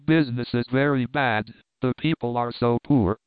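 Stern, guarded shopkeeper woman, voiced by a man, curt and cool, clear tone, phone-like sound. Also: medium pitch, moderate pace, dry recording, lightly acted. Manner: cool, curt, lightly mocking. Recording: tinny phone-like audio.

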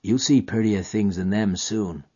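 A man's voice: on the low side, unhurried, dark tone, breathy edge, muffled recording. A man doing a weary dying frontiersman. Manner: weary drawling rustic dialect.

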